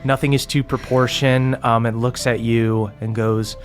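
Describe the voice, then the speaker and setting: A man's voice: mid-range voice, measured pace, hardly any pauses, soft background music. Game master man narrating, easygoing. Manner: relaxed narration with many fillers.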